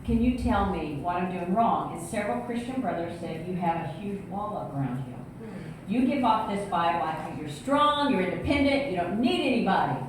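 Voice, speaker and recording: A woman's voice: fairly low pitch, normal speed, noisy background. A woman speaking at a church singles event, telling a personal story with laughter and acted-out voices. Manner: animated, laughing, acting out voices in her story. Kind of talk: storytelling talk to an audience. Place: church hall with audience. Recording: echoey church hall from a distant mic.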